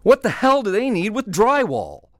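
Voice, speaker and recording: A man's voice: mid-range voice, big pitch swings, moderate pace, no room sound, close to an everyday voice. A man voicing a dry-witted male talking duck who works drywall, in a joke told on the radio. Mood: deadpan.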